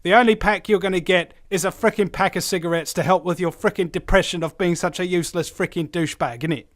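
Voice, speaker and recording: A man's voice: sits high, steady tone, fast talker, no room sound, studio quality, natural voice. A man voicing a harsh, scornful male talent-show judge who dismisses and insults a contestant.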